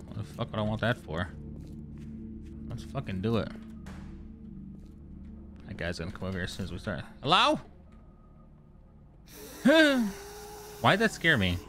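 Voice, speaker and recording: A man giving casual gameplay commentary, excitable and profane, joking with the characters he meets. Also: mid-range voice. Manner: excitable, profane, jokey, talks to game characters. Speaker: gamer streamer. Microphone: studio microphone.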